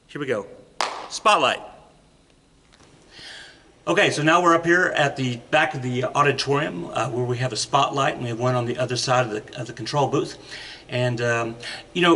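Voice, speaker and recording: A man delivers a keynote speech in a playful, theatrical storytelling manner. His voice is bright and forceful. It rings with the long reverb of a high school auditorium. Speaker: keynote speaker at a school induction ceremony. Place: high school auditorium, stage and control booth.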